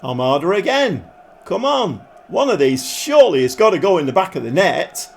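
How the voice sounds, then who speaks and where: Excitable man commentating football. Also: high voice, moderate pace, vocal fry. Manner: commentates like a football pundit, with sudden excited outbursts. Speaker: gaming YouTuber.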